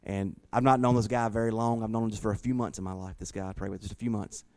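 A man's voice: on the low side, fairly even intonation, a little mellow. Folksy preacher man telling a story. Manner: folksy, slows down for emphasis. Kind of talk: sermon storytelling.

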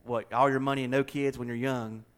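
A middle-aged man with a Southern US accent, a pastor chatting casually and telling a story with animated delivery and repeated words. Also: mid-range voice, a little fast, clean tone. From American South. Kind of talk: casual chat with co-hosts.

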